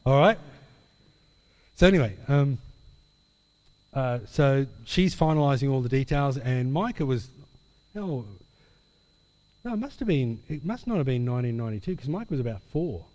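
A man preaching a sermon, telling an animated story and acting out the dialogue. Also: mid-range voice, normal speed, long pauses. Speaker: pastor. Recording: long hall reverb.

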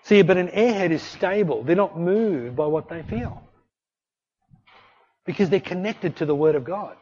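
Animated preacher, dull lo-fi sound. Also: male voice, high voice, moderate pace. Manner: conversational, animated, acts out voices in anecdotes. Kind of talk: sermon. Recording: dull lo-fi recording.

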